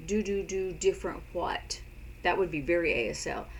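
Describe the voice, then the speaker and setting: A woman teaching a sign language lesson in a casual spoken style, unhurried and repeating words as she demonstrates signs. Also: lowish voice, gravelly, a little hiss or hum, rough recording.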